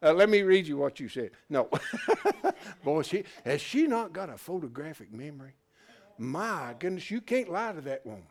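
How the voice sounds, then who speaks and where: A man teaching a Bible class, animated, who keeps asking rhetorical questions and restarting his words as he thinks aloud. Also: on the high side, fairly quick.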